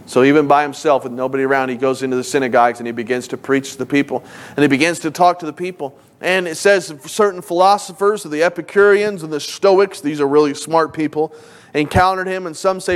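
A man's voice: on the high side, steady tone, fast. A man preaching a sermon as a pastor, reading scripture aloud and acting out the people he quotes with emphatic delivery.

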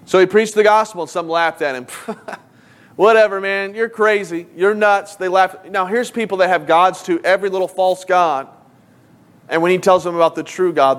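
A male pastor delivers a sermon with a slightly high-pitched voice. He preaches emphatically, reads scripture passages aloud and slips into the voices of the people he quotes.

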